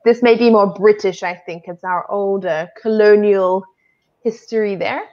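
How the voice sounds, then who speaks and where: A woman's voice: medium pitch, fairly even intonation, moderate pace. Kiwi woman, live-lesson co-host, inquisitive and guiding; muffled lo-fi call audio. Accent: New Zealand. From New Zealand. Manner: curious, asks many questions, gently guiding. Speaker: English teacher co-hosting a livestream. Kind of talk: friendly live online lesson chat.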